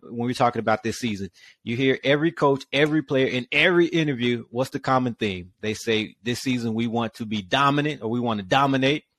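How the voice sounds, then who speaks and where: A man hosting a casual sports podcast, lively and fond of rhetorical questions. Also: mid-range voice, brisk. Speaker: host.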